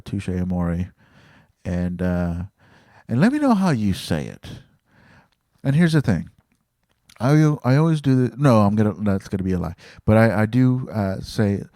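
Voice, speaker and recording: A man's voice: on the low side, warm tone, no echo, studio quality. A man hosting his own podcast, talking casually in a rambling way with many fillers, restarts and casual swearing. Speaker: podcast host. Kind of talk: casual solo podcast talk.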